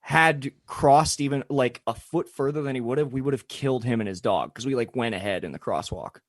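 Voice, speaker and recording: A young man co-hosting a podcast, telling a story in casual chat, animated, swearing and laughing often. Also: medium pitch, fairly quick, no room sound, studio quality. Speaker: podcast co-host.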